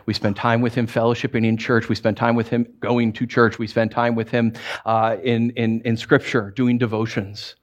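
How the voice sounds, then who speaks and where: A man's voice: mid-range voice, flat delivery, moderate pace. A male pastor preaching a sermon in a conversational, playful way, with self-deprecating humor and emphatic repetitions.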